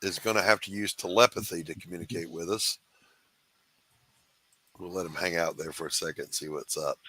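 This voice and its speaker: A man from the South Carolina Low Country, hosting a casual, jokey, rambling podcast chat. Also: fairly even intonation, brisk, bright, forceful tone, slightly rough, dry recording. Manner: jokey, rambling, laughs easily. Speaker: podcast host.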